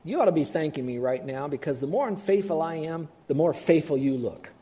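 A man's voice: a little high, lively intonation, a little fast, warm tone, natural voice. A man preaching, voicing a cocky, unfaithful husband brushing off his wife. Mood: brash. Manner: brash, dismissive. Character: cocky cheating husband making excuses.

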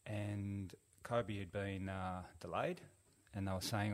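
A middle-aged man, a podcast guest telling a long story in a relaxed, rambling way full of fillers. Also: fairly low pitch, takes it slowly. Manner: rambling, laid-back, lots of fillers. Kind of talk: casual storytelling.

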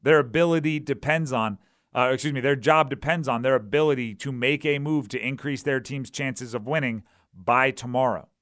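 A man's voice: medium pitch, moderate pace, fairly bright tone, no room sound. Guy on sports radio, dry close studio sound, chatty, keeps saying right. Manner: conversational, keeps asking "right?". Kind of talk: sports talk radio monologue.

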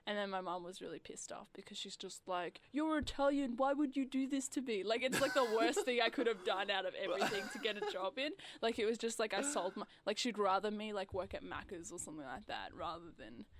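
A young woman chatting casually on the radio, full of "like" fillers and quick impressions of customers. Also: medium pitch, expressive, fairly bright tone. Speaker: guest.

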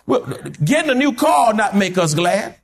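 Male pastor, high and very expressive voice, call-and-response sermon in a church. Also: moderate pace. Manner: call-and-response preaching, rising to shouts.

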